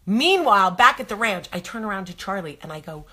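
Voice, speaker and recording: Animated woman telling a story. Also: mid-range voice, a little fast, hardly any pauses, husky. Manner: animated, acts out voices, swears. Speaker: host. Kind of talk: casual storytelling vlog.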